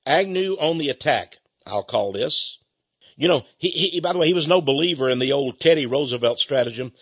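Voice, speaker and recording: A man hosting a radio ministry talk show, pitching a book and then commenting emphatically. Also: fairly quick, husky, highs cut off. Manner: emphatic, animated delivery.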